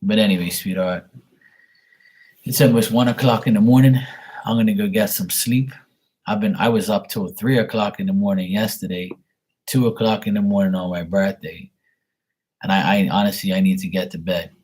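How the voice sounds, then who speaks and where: A man with a husky, fairly low voice hosts a late-night livestream. He rambles in a chatty, teasing way and talks to his viewers by name. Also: fairly even intonation, normal speed, darkish tone. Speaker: livestream host reading paid questions.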